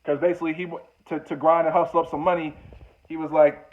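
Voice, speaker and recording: A man's voice: on the high side, little pitch movement, quick pace. A man casually telling a personal story, conversational and full of restarts. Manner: conversational, many fillers and restarts. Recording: tinny phone-like audio.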